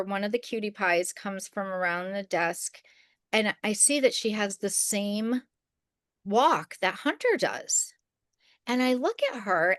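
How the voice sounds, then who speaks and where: A woman's voice: medium pitch, no room sound, studio quality. A middle-aged woman co-hosting a podcast, telling a personal story in a rambling, casual way with restarts and quoted voices. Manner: rambling, with many restarts and fillers; acts out the people she quotes. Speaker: podcast co-host.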